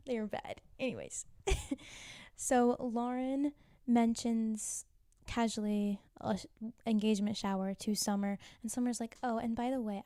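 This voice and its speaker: A chatty woman retells a TV drama as a vlogger, giggling and tossing in asides. Her voice sits a bit high with a soft, mellow tone. The sound is dry and close, with no room around it. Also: dry recording. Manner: gossipy, giggly, full of "like" and asides. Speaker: TV recap vlogger. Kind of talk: casual chatty recap.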